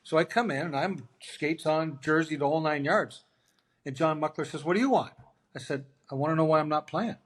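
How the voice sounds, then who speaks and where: His voice sits a little high and moves briskly. A middle-aged man who used to play hockey, he's a guest on an interview program, casually spinning animated tales and voicing the dialogue of everyone involved.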